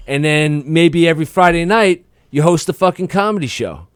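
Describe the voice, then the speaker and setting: A man's voice: on the high side, normal speed, smooth, no echo. A young man co-hosting a podcast in a studio, joking and swearing in casual banter. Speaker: podcast co-host. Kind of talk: casual chat.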